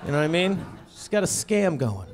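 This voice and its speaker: A man in his thirties works a stand-up set, his delivery deadpan and conversational. His voice sits fairly high. A faint background noise runs under the stage mic. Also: fairly quick, crowd noise. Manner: deadpan, conversational storytelling with acted-out asides. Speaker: stand-up comedian. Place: comedy stage before a live audience.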